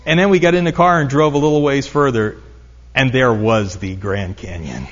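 A man's voice: mid-range voice, moderate pace. A middle-aged man preaching a sermon, telling stories and building up to emphatic repetition. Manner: storytelling, rising to emphatic repetition. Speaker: pastor. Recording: dull lo-fi recording.

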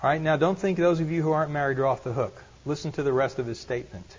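A man's voice: a little high, fairly even intonation, quick pace, breathy edge. A man preaching an earnest sermon, repeating rhetorical questions and adding light self-deprecating humor. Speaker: pastor. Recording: dull lo-fi sermon recording.

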